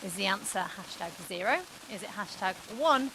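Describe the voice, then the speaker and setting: A woman's voice: medium pitch, lively intonation, moderate pace, sharp tone, slight background noise, low-quality recording. A woman presenting a live broadcast, upbeat and chatty as she guides viewers on a walk through a busy mission-control building.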